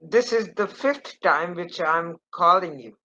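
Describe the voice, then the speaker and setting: A man's voice: high-pitched, lively intonation, a little slow, bright, forceful tone, dull audio. A man with an Indian accent, a caller who is slightly intoxicated, rambling and hesitant with many fillers. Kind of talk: casual call-in chat.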